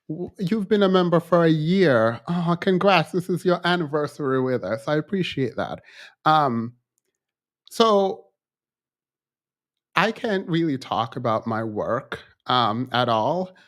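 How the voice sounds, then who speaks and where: A man hosting a casual live-stream commentary, telling stories with animation and mimicking others in a raised voice. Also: on the high side. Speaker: channel host.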